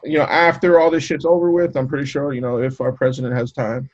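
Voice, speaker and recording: A man's voice: mid-range voice, quick pace. A man in casual chat who talks in slang and fills with "you know". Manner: animated, slangy, says "you know" often. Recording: dull lo-fi mic.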